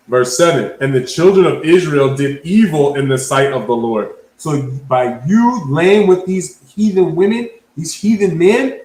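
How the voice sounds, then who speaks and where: A man's voice: medium pitch, reverberant, poor audio. A man preaching at a Bible class, reading scripture aloud and breaking it down in casual slang, often asking "you understand?". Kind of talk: street sermon, Bible class teaching.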